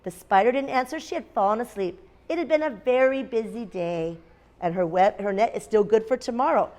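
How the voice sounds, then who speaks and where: Woman teacher reading a storybook to little kids, bit high voice, lots of animal noises and questions. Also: brisk, darkish tone. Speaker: kindergarten teacher. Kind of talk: reading a picture book aloud to a class. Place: classroom.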